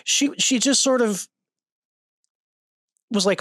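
A woman's voice: on the low side, animated, normal speed, no echo, clean studio sound. A woman co-hosting a podcast in casual chat, cutting in with stammered restarts. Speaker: podcast co-host.

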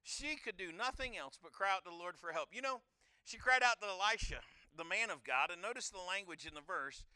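Man, preacher, emphatic repeated phrases, very bright tense tone, smooth voice. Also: high-pitched, animated, a little fast, dry recording. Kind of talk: sermon.

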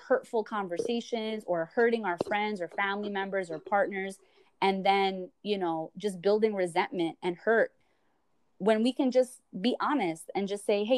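A woman's voice: mid-range voice, no echo. A woman psychotherapist talking earnestly and reflectively in a casual podcast conversation, with many "you know"s. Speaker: psychotherapist guest.

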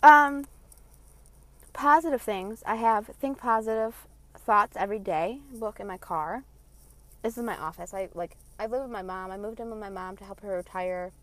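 A woman's voice: mid-range voice, normal speed, fairly bright tone. A woman in her late twenties ranting from her car, heated, blunt and full of swearing. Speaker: vlogger. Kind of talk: passionate rant.

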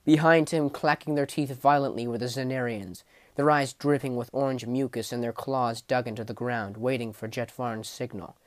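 A man narrates a fantasy novel as an audiobook, with vivid, intense storytelling. His mid-range voice climbs with the action and sinks to a low menace for the darker passages. The recording is dry and close, with no room sound. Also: fairly even intonation, normal speed, no room sound.

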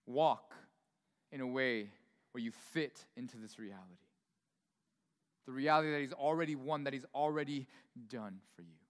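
A man preaching a sermon in a church, in a chatty, informal way full of asides and quick questions to the congregation. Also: medium pitch. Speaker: pastor. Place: church sanctuary. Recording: long hall reverb in a church.

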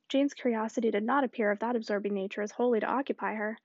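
A woman reading a classic novel aloud in an even, unhurried narrating voice. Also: a little high, dry recording, lo-fi sound. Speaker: audiobook reader.

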